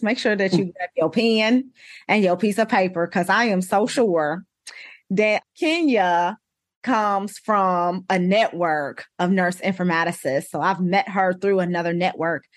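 A woman hosting a podcast interview, lively and folksy, repeating her greetings. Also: lowish voice, no room sound. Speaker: podcast host.

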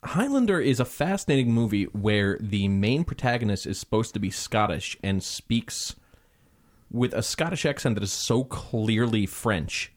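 A man's voice: lowish voice, animated, normal speed. A man co-hosting a casual podcast chat, joking and teasing, swearing casually. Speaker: podcast co-host.

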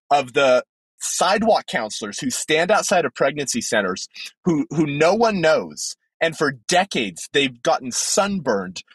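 Male podcast guest, fervent preacher delivery; fairly high, husky voice, very animated pitch. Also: no room sound, poor audio. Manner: fervent, emphatic, with sudden leaps in pitch. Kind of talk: impassioned preaching-style commentary.

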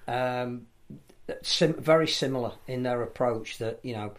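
Man, rugby pundit, measured, casual podcast talk. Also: medium pitch. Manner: thoughtful, measured analysis with frequent restarts.

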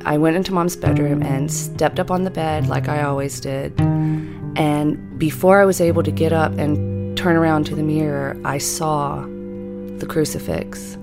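A woman in her fifties telling a personal story in a measured, deliberate way, slowing down for emphasis. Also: low-pitched, fairly even intonation. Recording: music bed under the voice.

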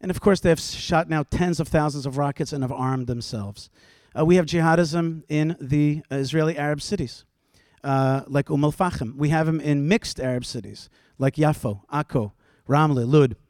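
A man's voice: a little high, moderate pace, darkish tone, no echo, clean studio sound. A man, a rabbi on a panel, arguing passionately in front of a live audience, firing off rhetorical questions between frequent "uh" fillers. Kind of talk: impassioned panel argument. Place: stage before a live audience.

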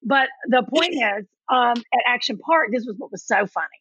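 A woman's voice: fairly high pitch, expressive, moderate pace, fairly bright tone, husky, dull audio. A woman from Kentucky with a Southern accent, chatting animatedly as a podcast guest and calling people honey. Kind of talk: casual chat.

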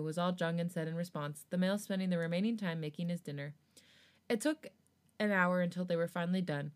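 A woman's voice: fairly low pitch, brisk. A woman podcast host narrating a fanfiction story in a casual reading voice. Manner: casual narration, laughs at slips.

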